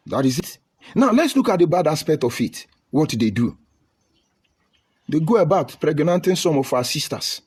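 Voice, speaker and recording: A man's voice: mid-range voice, darkish tone, slightly rough. A man giving an impassioned political speech with a preaching, rhetorical delivery and emphatic lists. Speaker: political speaker.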